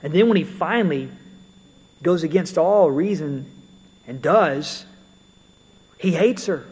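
A man with a somewhat high, husky voice preaching a sermon. He keeps it conversational and mixes in everyday stories. A long reverb of a large hall hangs on every word. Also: slow, a little mellow. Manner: conversational, storytelling asides with occasional fillers.

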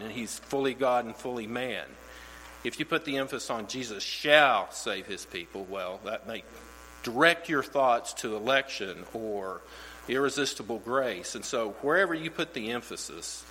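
A man with a bright, forceful voice gives a Bible study, talking in a loose, conversational way and doubling back on his words. His voice rings out in a long reverberant hall. A faint electrical hum runs underneath. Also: mid-range voice. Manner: conversational, repeats words when restarting. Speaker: Bible teacher.

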